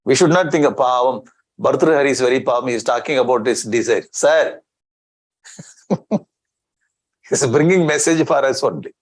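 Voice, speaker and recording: Swami chanting and explaining verses. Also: male voice, medium pitch, moderate pace, long pauses, low-quality recording. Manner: chants Sanskrit verses, explains in English, frequent restarts and rhetorical questions. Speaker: swami teaching scripture. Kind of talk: scripture discourse.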